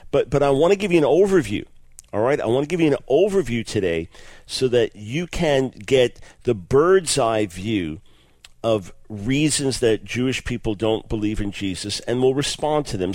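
A man's voice: mid-range voice, no room sound. A man hosting a radio broadcast, explaining his subject in an earnest, enthusiastic teaching monologue with frequent word repeats. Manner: earnest, enthusiastic, repeats words when restarting. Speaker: radio show host.

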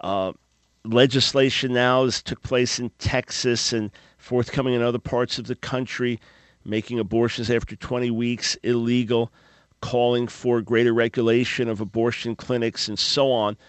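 A man's voice: mid-range voice, little pitch movement, moderate pace, no echo. A man hosting a radio talk show, preaching earnestly and pleading with listeners, with small stumbles and repeated words. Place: radio studio. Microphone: studio microphone.

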